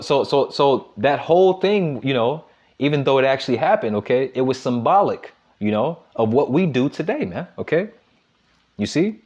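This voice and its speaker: Middle-aged male Bible teacher, mid-range voice, keeps checking in with the listeners, slows down and leans in on the verses; dull lo-fi recording. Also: medium pitch. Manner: checks in constantly with "all right?" and "okay?", reads verses slowly and louder. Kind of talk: street-style Bible teaching.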